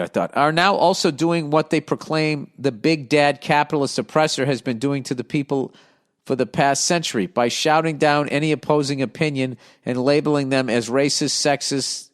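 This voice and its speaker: A middle-aged man hosting a comedy podcast, reading listener letters aloud and answering them in a blunt, profane, animated rant. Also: medium pitch. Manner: blunt profane ranting with lively animated swings.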